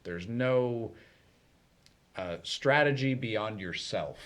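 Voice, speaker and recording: A man with a fairly low voice talks through a topic in easygoing, unhurried chat. He explains at length, full of "um"s and small restarts, in the manner of a community TV co-host. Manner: relaxed, explanatory, many fillers. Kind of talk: casual chat. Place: community TV studio.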